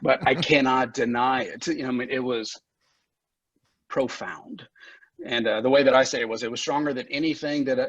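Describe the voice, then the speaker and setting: A man's voice: mid-range voice, steady tone, moderate pace, fairly bright tone, no room sound. A man speaking as a podcast guest, telling his recovery story candidly with frank, profane language, frequent laughs and moments of emotion. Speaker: guest, recovery center founder. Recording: dull lo-fi podcast audio.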